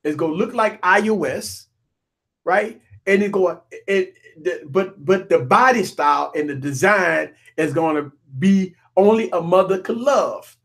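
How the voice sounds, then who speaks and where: A man hosting a live tech stream, joking and ranting in an animated, repetitive way. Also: high-pitched, unhurried. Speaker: tech show host.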